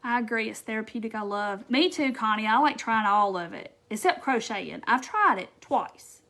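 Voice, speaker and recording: A chatty woman, talking to her viewers on a casual craft live stream. Her voice sits a little high, and she keeps things bubbly and loose, full of "um"s and quick asides. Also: lively intonation, bright, forceful tone. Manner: chatty and bubbly, with frequent fillers and quoted asides.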